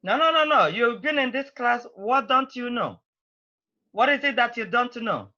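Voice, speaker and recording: A woman's voice: on the high side, lively intonation, moderate pace, bright, forceful tone, highs cut off. A woman teaching a language class over a video call, speaking. She prods students patiently and repeats her phrases.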